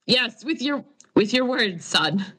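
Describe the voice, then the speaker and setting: A woman's voice: on the high side, animated, takes it slowly, a bit bright, husky, pitched above the performer's own voice, full character voice. A woman voicing a nervous man in a tabletop game, in a strained voice.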